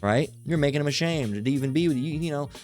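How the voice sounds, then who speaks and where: A man's voice: fairly high pitch, fast, darkish tone, faint music behind. A man preaching in an unscripted rant, blunt and profane, full of "you know" and "all right?" tags and frequent stammered restarts, with Bible passages read aloud. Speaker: online preacher.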